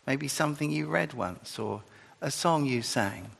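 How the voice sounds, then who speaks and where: A man delivers a sermon in a chatty, rambling way, his gravelly voice rising and falling with animation. His voice rings with the long reverb of a church hall. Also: medium pitch, expressive, a little slow. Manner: conversational, rambling with restarts and asides. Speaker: preacher.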